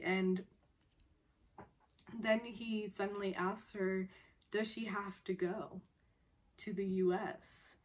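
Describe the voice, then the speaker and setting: A woman's voice: medium pitch, flat delivery, slow pace, long pauses. A woman casually recapping a TV drama episode, rambling and laughing often as she talks.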